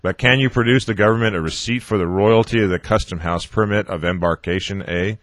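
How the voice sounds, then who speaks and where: A man's voice: lowish voice, a little fast, no room sound, close to an everyday voice. A man reading aloud as a blustering, threatening colonel who accuses a prisoner of theft. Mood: accusing. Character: angry, blustering male colonel interrogating a prisoner.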